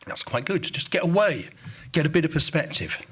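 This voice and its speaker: Male conference speaker, Estuary English accent, higher voice, informal and audience-facing. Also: big pitch swings, normal speed, a bit bright, slightly rough. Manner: informal, addresses audience directly. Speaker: conference speaker presenting research. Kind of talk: conference presentation.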